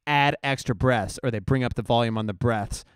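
A man's voice: mid-range voice, fairly quick, clean tone, dry recording, studio quality. A man casually walking through his music production step by step in a live tutorial. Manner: chatty, explains step by step.

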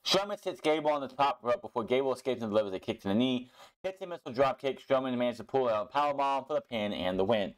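A man's voice: mid-range voice, lively intonation, fast talker. Chatty man recapping wrestling, opinionated. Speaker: wrestling show reviewer.

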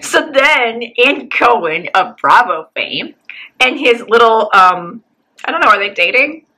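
A woman's voice: on the high side, big pitch swings, unhurried, bright, forceful tone, rough recording. A woman co-hosting a podcast, talking in a blunt, scornful and sarcastic casual chat. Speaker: podcast co-host.

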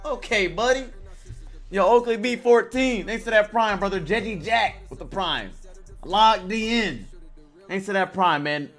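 A young man streaming a game from his home setup, swearing often, joking with chat and breaking into loud laughter and outbursts. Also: high voice, lively intonation, measured pace, faint music behind. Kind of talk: casual live-stream commentary.

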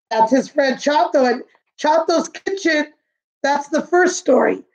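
A woman's voice: high voice, a little slow, muffled recording. A woman, a kindergarten teacher, reading a picture book aloud and explaining it to children. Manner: warm, explaining pictures and words to kids.

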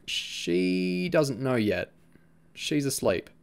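A man's voice: mid-range voice, sing-song, extremely slow, vocal fry, heavily acted. A man voicing a defensive, troubled young boy who sulks and pleads with his friend. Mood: pleading. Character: defensive troubled twelve-year-old boy.

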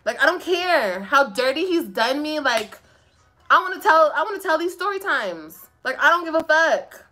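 A woman's voice: high-pitched, a bit bright. A young woman livestreaming from her phone, ranting to viewers in a blunt, profane, sassy way and laughing often. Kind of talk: casual live-stream rant.

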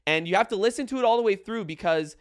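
A man's voice: sits high, fast. A man in his twenties co-hosting a casual podcast, talking in an upbeat, rambling way into a studio mic. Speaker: podcast co-host. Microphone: studio podcast microphone.

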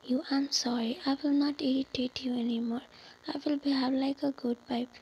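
Girl whispering as an apologetic young wife, soft, high voice, whispered role-play. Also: flat delivery, moderate pace, breathy edge, rough recording. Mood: pleading.

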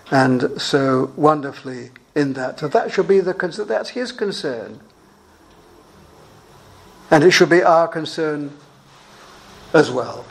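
A man's voice: fairly high pitch, gravelly, poor audio. Earnest older man preaching a sermon. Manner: earnest expository preaching with rhetorical questions.

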